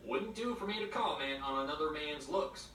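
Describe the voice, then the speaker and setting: A man playing a smug, rambling backwoods preacher, with a put-on drawl and deadpan insults. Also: fairly high pitch, moderate pace, a little hiss or hum, pitched above the performer's own voice. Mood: mock-solemn. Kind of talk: comedy sketch monologue to camera. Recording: roomy echo, slightly distant mic.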